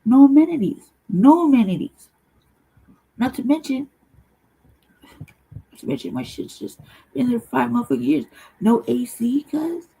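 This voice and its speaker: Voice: mid-range voice, vocal fry, mellow, slightly rough, rough recording. A channel host telling a long personal story in a casual, profane, rambling monologue full of slang.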